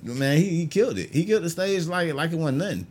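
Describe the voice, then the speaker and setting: A man from Augusta, a comedian telling stories in a casual, animated way and acting out the people he quotes. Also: quick pace, husky. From Augusta, Georgia, US. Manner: animated, acts out quoted people with big pitch jumps. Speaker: stand-up comedian guest. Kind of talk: casual storytelling.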